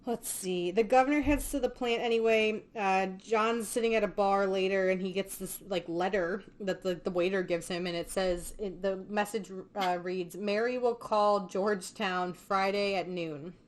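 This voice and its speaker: A woman's voice: mid-range voice, steady tone, normal speed, hardly any pauses. A woman hosting a podcast, recapping a film scene by scene in casual chat, swearing freely and laughing often. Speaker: podcast host.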